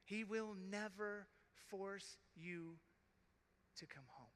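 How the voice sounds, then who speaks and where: A man preaching as a deacon at a youth conference, impassioned with dramatic pauses. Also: sits high, fairly bright tone. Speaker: deacon and keynote speaker. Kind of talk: sermon. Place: large conference arena. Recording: big hall reverb.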